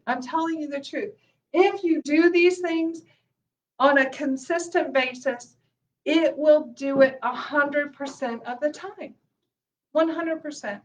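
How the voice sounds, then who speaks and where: Earnest high-voiced woman teaching. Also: highs cut off. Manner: earnest, repeats key phrases for emphasis, often drops to a soft low voice. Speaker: meditation teacher. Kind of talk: casual mindfulness teaching talk. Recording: voice a little far from the mic.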